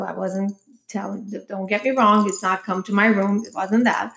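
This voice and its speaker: A woman spins a blunt, profane anecdote in casual chat, acting out each line of dialogue as she goes. Her voice sits at a middling pitch, and an echoey room rings around her. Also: fairly even intonation, moderate pace, vocal fry, a bit bright. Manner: candid, profane storytelling with quoted dialogue.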